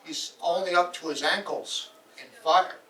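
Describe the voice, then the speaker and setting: A man's voice: high voice, measured pace, fairly bright tone, far from the mic. A man voicing a boastful male demon from hell who chats about its torments, heard from across a roomy hall.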